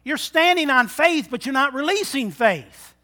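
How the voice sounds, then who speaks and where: A man preaching a sermon, moving from quiet, intimate talk to loud exhortation and acting out the voices of people in his stories. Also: very high voice, lively intonation, moderate pace. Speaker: pastor.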